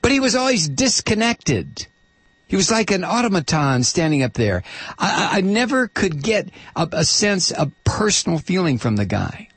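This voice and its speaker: A middle-aged man talks through a casual monologue, blunt and rambling, stopping often on hesitations and restarts. His voice sits at an ordinary pitch with a gravelly edge and a husky grain. The recording is dry and close. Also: very animated, moderate pace, a bit bright, no room sound.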